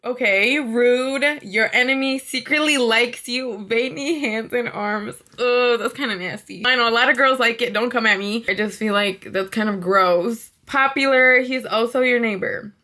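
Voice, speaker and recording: A woman's voice: on the high side, moderate pace, hardly any pauses, sharp tone. Giggly young woman vlogging. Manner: giggly, playful, chatty. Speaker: YouTuber. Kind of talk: casual vlog chat.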